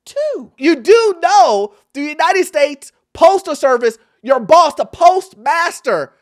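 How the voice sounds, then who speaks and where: A man's voice: extremely high pitch, very animated, slow. A man hosting a commentary show, reacting to clips with laughter and talking straight to his viewers. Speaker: host. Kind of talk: commentary on social media clips.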